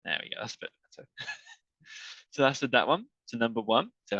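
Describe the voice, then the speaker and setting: A man's voice: medium pitch, expressive, pushed and bright, husky, dry recording, lo-fi sound. A man teaching an online English lesson, talking patiently and checking in with "okay" as he works through examples. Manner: slow, patient, repeats with "okay".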